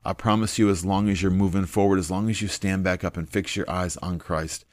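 A man's voice: low-pitched, fairly even intonation, a little fast, dry recording. A man preaching an informal sermon in an earnest, conversational way, with frequent fillers.

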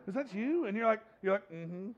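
Male pastor, very high voice, animated sermon, playful acted-out voices, dull lo-fi sound. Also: quick pace, noisy background. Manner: animated, acts out playful voices and rising exhortations.

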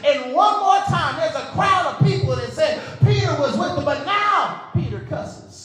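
A man preaching a call-and-response sermon as pastor, building to shouted, whooping delivery. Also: very high-pitched, expressive, moderate pace. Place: church sanctuary. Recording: echoey church with organ music.

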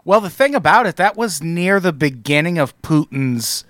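A man's voice: a little high, animated, moderate pace, a bit bright, no room sound. A man hosting a podcast in casual chat, wry and profane with a sarcastic edge, on a close microphone. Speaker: podcast host.

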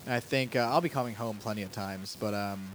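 A man's voice: lowish voice, brisk. Young guy rambling about his show, chill, bit of background hiss. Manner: laid-back, rambling, drops into joke accents. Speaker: podcast creator and co-host. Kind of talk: casual chat.

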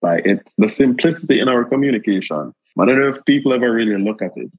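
A young Jamaican man chatting as an interview guest, telling stories in a laid-back, animated way. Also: mid-range voice, fast talker, breathy edge, no room sound, highs cut off. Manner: laid-back, animated storytelling with frequent asides. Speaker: guest creative. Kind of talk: casual conversational interview.

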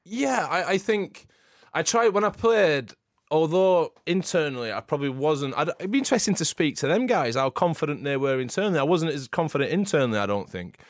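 A man co-hosting a podcast, telling animated stories with frequent laughter in casual chat. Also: on the high side, a little fast, no room sound, studio quality. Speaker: podcast co-host.

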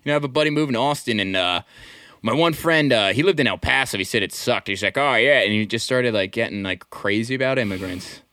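A man's voice: medium pitch, quick pace, bright, forceful tone, dry recording. A young man in casual podcast chat, telling stories full of "like" and "dude" and acting out the voices of the people he quotes. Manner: filler-heavy, says "like" and "dude" a lot.

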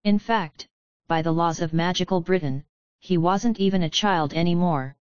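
A woman narrates an audiobook in a steady, measured way. Her voice is smooth and fairly low. The recording is dry and a little dull. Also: dry recording. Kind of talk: scripted narration.

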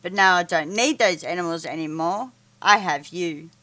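A woman's voice: lowish voice, normal speed, sharp tone. A woman reading aloud as a mean, skinny old male inventor who gloats and sneers, in a storybook reading. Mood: gloating.

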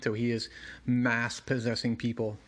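Brief: relaxed man reading through a comic, chatty asides, mid pitch, casual commentary. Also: measured pace. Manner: conversational, many fillers and asides. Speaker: comic book reviewer and reader.

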